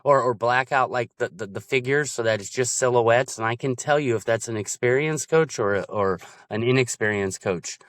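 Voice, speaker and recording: Animated man explaining coaching, dry close sound. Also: mid-range voice, moderate pace, hardly any pauses, no echo. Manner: animated, acts out examples in changing voices. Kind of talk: casual chat.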